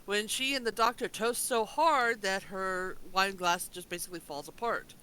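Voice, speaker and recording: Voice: mid-range voice, steady tone, moderate pace, pushed and bright, clear, resonant tone, poor audio. A podcast co-host in casual chat, recapping the plot in a matter-of-fact way.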